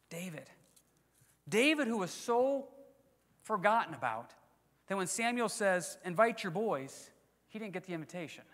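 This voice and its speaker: A man's voice: sits high, bright, forceful tone. A man preaching a sermon, teaching conversationally and with emphasis, asking rhetorical questions. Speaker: pastor. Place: church sanctuary. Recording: long hall reverb.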